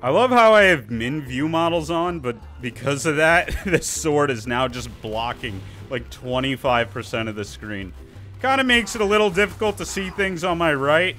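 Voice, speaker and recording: A man's voice: a little high, big pitch swings, moderate pace, pushed and bright, soft background music. A young man giving casual, playful commentary over his own gameplay, joking and talking to enemy players. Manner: playful, talks to enemy players, jokey asides. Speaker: gaming YouTuber.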